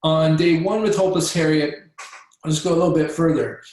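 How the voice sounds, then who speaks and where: Male workshop trainer, informal and animated, slightly high voice, very echoey room. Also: fairly quick. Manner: acts out patient and doctor voices, many fillers and restarts.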